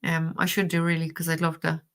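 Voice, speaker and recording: On her tarot livestream, a middle-aged woman from Ireland speaks in a deep, smooth monotone, a little fast, with a Cork accent. Her chatty storytelling is loose, with plenty of fillers and restarts.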